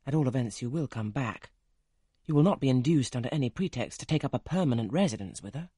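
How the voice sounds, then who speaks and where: Man doing a bossy teasing rich gent, gruff and husky, dry close recording. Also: medium pitch, animated, quick pace, dark tone, dry recording. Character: brusque, teasing wealthy older gentleman. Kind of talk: audiobook character reading.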